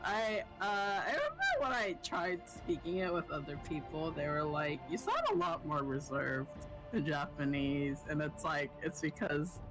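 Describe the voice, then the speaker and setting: A woman streamer chatting casually, rambling and halting with many restarts. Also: low voice, very animated, poor audio. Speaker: streamer host. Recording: background music clearly audible. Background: background music.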